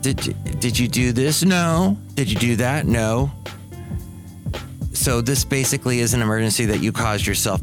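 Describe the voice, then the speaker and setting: A man hosting a casual solo podcast, talking in a chatty way with sarcastic asides and often mimicking other people in a high voice. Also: animated, moderate pace, over music. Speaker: podcast host.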